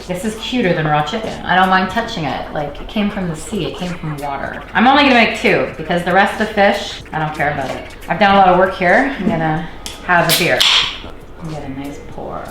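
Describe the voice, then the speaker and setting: A woman's voice: lowish voice, a bit bright, echoey room, poor audio. A Canadian woman in her thirties, chatting in a rambling, self-deprecating way as she cooks in her home kitchen for a vlog. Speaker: cooking vlogger. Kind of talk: casual cooking vlog chat.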